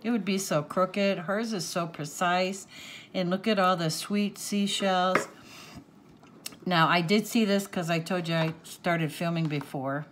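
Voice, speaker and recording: Older woman, crafts vlog host, unhurried gushing talk, easily moved. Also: fairly low pitch, slight background noise. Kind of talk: casual unboxing vlog.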